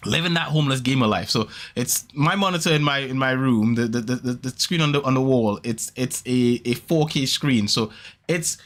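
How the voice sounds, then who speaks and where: A man hosting a podcast, telling a story in casual chat, rambling and animated, with quick restarts and repeats. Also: mid-range voice. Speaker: podcast host.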